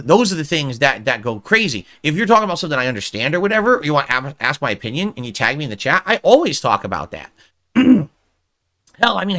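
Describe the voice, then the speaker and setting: A man's voice: on the high side, sharp tone. A middle-aged man on a livestream, reading viewer suggestions aloud and answering them in an irritated, mocking rant. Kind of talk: livestream commentary.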